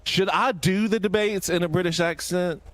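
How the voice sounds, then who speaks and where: A man's voice: high voice, steady tone, normal speed, fairly bright tone. A man playing an election candidate in a role-play interview, brash and playful.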